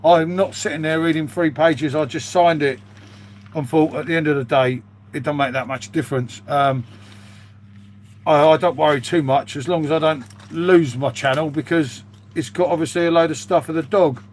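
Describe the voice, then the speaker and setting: Chatty British man with a higher voice. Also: fairly even intonation, normal speed. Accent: British English. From United Kingdom. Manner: chatty, rambling, says "mate" often. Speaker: live streamer reading chat. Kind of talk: casual live-stream chat.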